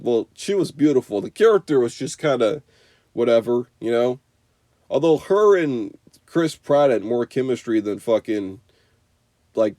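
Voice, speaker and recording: A man's voice: medium pitch, dark tone, no room sound. A young man giving an unscripted, profane movie review rant, rambling with constant "you know" and "like".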